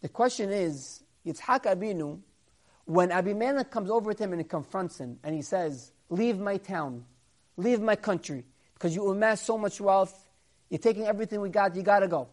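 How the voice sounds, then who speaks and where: A man leading a Torah class as a lively storyteller. He gets loud and high when he plays the people in his stories, then sinks to a soft, low voice to explain. He slows right down to lean on the words that matter. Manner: acts out quoted characters, rising louder and higher for them; drops to a quiet, low aside when explaining. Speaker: Torah teacher.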